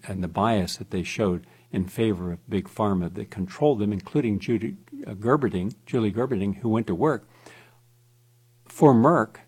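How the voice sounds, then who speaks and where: A man with a husky, somewhat low voice holds forth on talk radio. His delivery is emphatic and insistent, pressing each point home. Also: a little mellow. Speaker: radio host.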